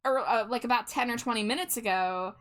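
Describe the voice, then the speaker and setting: A woman's voice: a little high, a little fast, fairly bright tone. A woman streamer chatting casually with her viewers while she draws, reading their messages aloud and laughing often.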